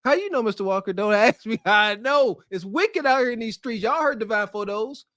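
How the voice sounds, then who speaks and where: A man co-hosting a podcast, reacting to street interview clips with animated, laughing, mocking commentary. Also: high voice, brisk, dry recording, studio quality. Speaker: podcast co-host.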